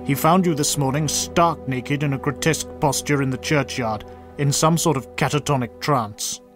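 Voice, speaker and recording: A man's voice: mid-range voice, moderate pace, music in the background, lightly acted. A man playing a stern, violent middle-aged father who speaks in a grave, clipped, menacing way.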